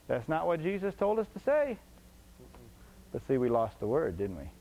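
A man's voice: a little high, sing-song, moderate pace, dark tone, dull audio. A man preaching a sermon emphatically, repeating his points and asking the congregation rhetorical questions.

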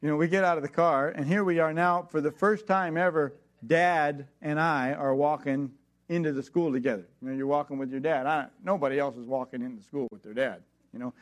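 A man's voice: fairly high pitch, a little fast. A man telling a personal story, acting out the people in it and laughing as he goes. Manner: animated storyteller, acts out voices, laughs along. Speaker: preacher.

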